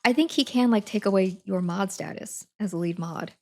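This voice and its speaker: A woman's voice: medium pitch, normal speed, creaky, a little mellow. A woman livestreaming from home, chatting casually and laughing as she reads and answers her chat while packing. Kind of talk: casual live-stream chat.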